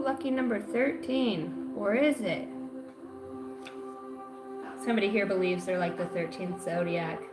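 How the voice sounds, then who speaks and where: A woman's voice: medium pitch, unhurried, long pauses, roomy sound, over music, rough recording. A woman giving a zodiac card reading on a livestream, cursing a lot and rambling from joke to joke. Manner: profane, rambling and jokey. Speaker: astrology card reader.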